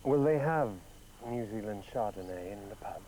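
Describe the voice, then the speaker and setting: A man's voice: lowish voice, lively intonation, normal speed, mellow, slight background noise, lightly acted, rough recording. An actor playing a reluctant city man in advertising who has moved to the country, in a scripted language-course drama.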